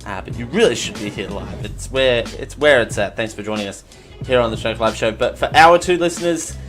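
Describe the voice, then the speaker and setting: A man's voice: mid-range voice, a little fast, a bit bright, faint music behind. A man from Australia hosting a live podcast on his own, rambling and joking, correcting himself as he reads out lists. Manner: rambling, self-correcting, jokey. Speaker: podcast host. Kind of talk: solo live podcast chat. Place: home room, window closed. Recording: faint background noise from outside work.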